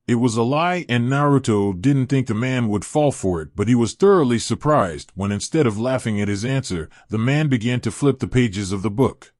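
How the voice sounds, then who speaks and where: A man reading fan fiction aloud in steady scripted narration. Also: medium pitch, normal speed, few pauses, no echo, studio quality.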